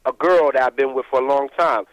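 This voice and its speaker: A man calling in to a sports podcast, ranting in an animated, rambling way with plenty of swearing and repeated asides. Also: medium pitch, brisk, no room sound, muffled recording. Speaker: caller. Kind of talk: casual call-in rant.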